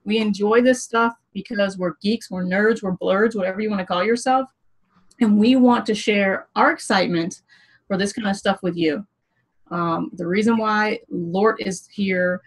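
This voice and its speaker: A woman's voice: medium pitch, rough recording. A woman hosting a gaming livestream panel. She talks to viewers in an earnest, rallying way and swears casually. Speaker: host.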